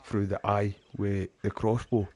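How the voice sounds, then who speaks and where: A man's voice: lowish voice, flat delivery, a little slow, dark tone. A man rambling casually as he comments on his gameplay. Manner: rambling, chatty tangents. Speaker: gaming streamer.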